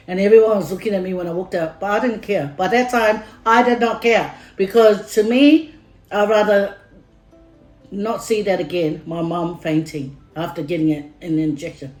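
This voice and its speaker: A woman's voice: on the low side, darkish tone. A middle-aged woman with a Samoan accent telling a family story to her vlog viewers in a rambling, casual way, full of fillers and repeated words. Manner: rambling, many fillers, heated when retelling. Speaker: family vlogger. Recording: roomy echo with faint music.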